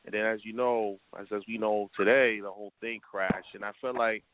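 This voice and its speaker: A man's voice: fairly low pitch, steady tone, normal speed, no room sound. A man from Brooklyn calls in to a show and talks his thoughts through in an earnest, rambling way. His voice comes over a dry, tinny phone line. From Brooklyn, New York. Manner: earnest, rambling, thinking aloud. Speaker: caller. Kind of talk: casual phone call.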